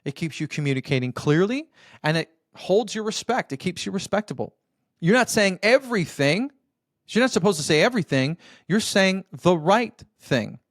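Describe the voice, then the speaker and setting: A man with a high, very animated voice hosts a motivational podcast about marriage, coaching the listener earnestly at a moderate pace. He calls the listener brother and checks in often; the recording is dry and studio quality.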